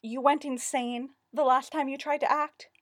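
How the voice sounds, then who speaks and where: A long-suffering middle-aged man with a dry, sarcastic streak, voiced by a woman reading a story. His flat put-downs come over a close, dry recording. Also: very high voice, normal speed, no room sound, voice pushed up.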